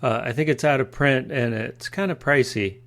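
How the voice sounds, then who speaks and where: A man's voice: medium pitch, moderate pace, a bit bright. Man interviewing with short replies. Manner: brief encouraging backchannels. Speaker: podcast host. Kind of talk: casual interview.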